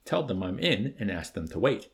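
Brief: withdrawn major, read by a male narrator, clipped answers, gravelly. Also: fairly low pitch, moderate pace. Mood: curt. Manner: curt, flat, clipped replies.

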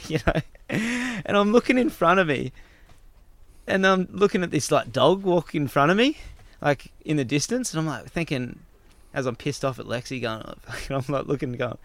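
A man in casual conversation, telling a story in an animated way, laughing often and swearing freely. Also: fairly high pitch, normal speed, no echo.

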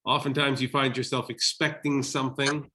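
Bright-voiced man musing over Greek. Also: mid-range voice, little pitch movement, moderate pace. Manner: playful, thinks aloud over Greek words. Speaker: podcast co-host. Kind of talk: casual Bible study chat.

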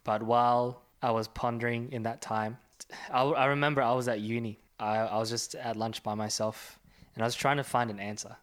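A man's voice: medium pitch, little pitch movement, a little fast, few pauses, a bit bright. A young man, a church minister, sharing an earnest personal testimony and reading scripture aloud with growing force. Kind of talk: personal testimony in a faith conversation.

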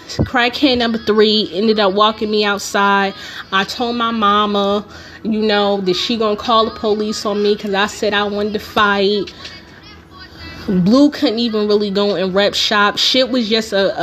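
A woman's voice: medium pitch, fairly even intonation, unhurried, fairly bright tone. A young adult woman hosting a podcast, telling a heated personal story in casual, profane talk. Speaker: podcast host.

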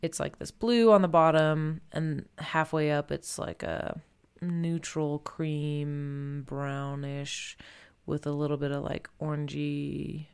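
A woman talks about paintings in a loose, chatty way, laughing often and leaning on "like." Her voice sits low and sounds smooth and clear. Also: steady tone, slow, a little mellow. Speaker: presenter. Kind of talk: casual chat about art.

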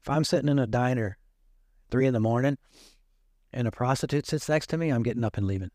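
A man's voice: mid-range voice, fast talker, darkish tone, no room sound, studio quality. A man, a pastor, preaching a sermon and retelling a story with quoted dialogue.

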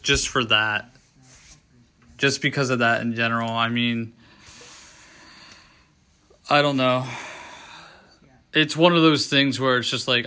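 A young man hosting a casual solo talk show, rambling and halting with many restarts, choked up and near tears. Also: medium pitch, bright, forceful tone, smooth. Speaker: show host.

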